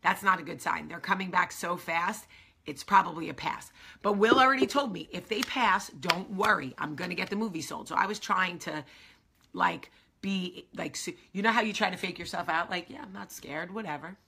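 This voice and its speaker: A middle-aged woman hosting her own vlog, telling a story in an excited, rambling way with many asides. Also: fairly low pitch, moderate pace, creaky, a little hiss or hum. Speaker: vlog host. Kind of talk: casual chat to camera.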